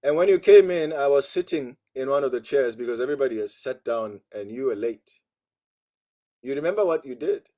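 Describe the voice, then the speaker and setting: A man's voice: medium pitch, lively intonation, a little fast, dark tone, close to an everyday voice. A man voicing a hurt woman devotee who reproaches a monk as he retells her story. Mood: reproachful.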